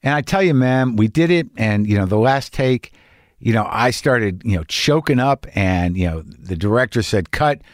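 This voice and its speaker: A middle-aged actor talking in a rambling, earnest way in a casual personal vlog, swearing now and then. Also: male voice, fairly low pitch, lively intonation, moderate pace, dry recording, studio quality.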